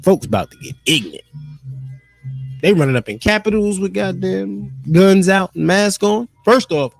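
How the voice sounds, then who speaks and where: Male streamer, gravelly voice, loose profane chat, dry close sound. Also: sits high, lively intonation, normal speed, no echo, soft background music. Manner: loose, profane, talks to himself and viewers. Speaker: live streamer. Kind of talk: casual rambling monologue.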